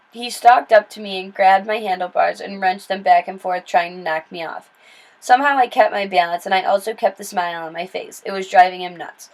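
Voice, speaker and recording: A woman reading a children's novel aloud in steady, plain storytelling with small slips and restarts. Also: medium pitch, low-quality recording. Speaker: read-aloud narrator.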